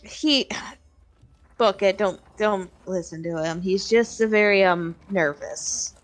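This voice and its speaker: A woman player in a tabletop game, calm and reassuring while speaking in character. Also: mid-range voice, slow pace. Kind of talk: tabletop role-play.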